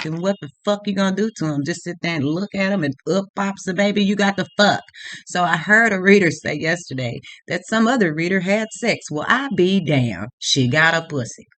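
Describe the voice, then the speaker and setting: A woman's voice: on the low side, background noise. A woman tarot reader delivering an unscripted rant to her viewers, blunt and heavily profane, laughing now and then at her own points.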